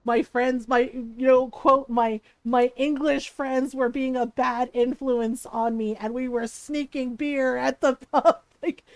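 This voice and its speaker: A woman's voice: sits high, steady tone, slow, hardly any pauses, dry recording, poor audio. A woman livestreamer chatting casually as she tells a story during a game, laughing often and acting out the dialogue. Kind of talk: casual storytelling while gaming.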